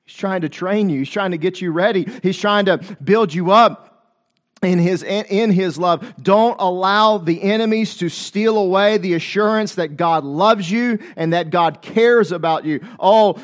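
Fervent high-voiced male preacher. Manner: impassioned, calls out to listeners, quotes scripture in dramatic voices. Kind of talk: sermon.

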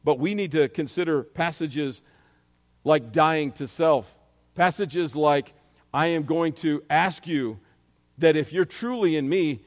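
A man's voice: fairly high pitch, slow, in a large hall. A man preaching a sermon as pastor, earnestly reading and explaining scripture to his congregation.

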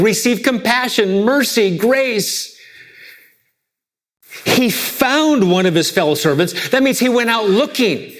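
A man preaching a sermon, emphatic and rhetorical, with repeated questions and wide swings from loud to hushed. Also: high voice. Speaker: pastor.

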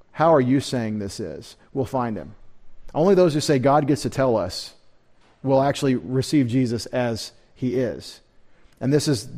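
A man's voice: fairly high pitch, mellow. A man pastor giving a midweek Bible teaching sermon, conversational and rambling, with asides and restarts.

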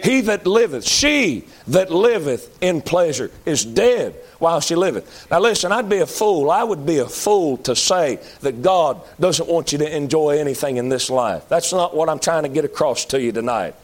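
A man preaching a sermon, moving between loud high-pitched calls and low pleading appeals. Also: lively intonation, normal speed, few pauses.

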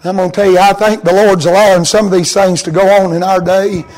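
High-pitched preacher. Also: male voice, level tone, fairly quick, rough recording. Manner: swings from soft intimate tones to high chanted preaching. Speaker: pastor. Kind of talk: sermon.

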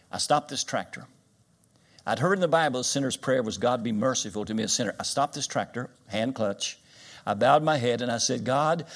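An older man from Kentucky, preaching a sermon in a folksy, plain-spoken storytelling way. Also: mid-range voice.

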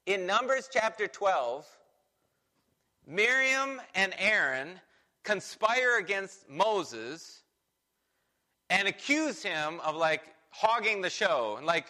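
A man's voice: sits high, very animated, slow, sharp tone. A man preaching a sermon as a pastor, in a conversational way that acts out quoted voices.

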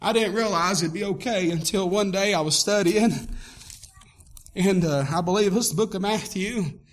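A man from preaching a sermon as pastor, impassioned and rising to shouts. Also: sits high, moderate pace. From Tennessee, US.

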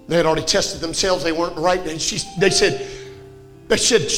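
A man preaching a fiery revival sermon in a church, telling a story that swells into impassioned shouting. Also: a little high, brisk, faint music behind. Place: church sanctuary.

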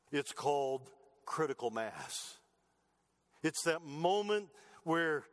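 A man preaching a sermon, building to raised emphasis and then dropping low and quiet. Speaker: pastor.

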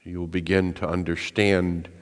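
A man's voice: low voice, level tone, measured pace, smooth. A man preaching a sermon in an earnest, emphatic way, putting rhetorical questions to his listeners. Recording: reverberant hall.

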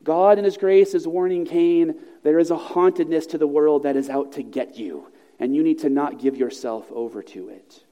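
High-voiced preacher in a reverberant church. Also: male voice, mellow, muffled recording. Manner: measured, earnest preaching with slow emphatic phrases. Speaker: pastor. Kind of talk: sermon. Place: church sanctuary. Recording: long reverb of a large hall.

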